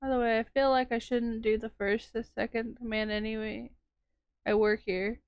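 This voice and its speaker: A woman's voice: on the high side, level tone, normal speed, smooth, no echo. A woman streamer chatting casually with her live chat while winding yarn, laughing often and reacting to comments.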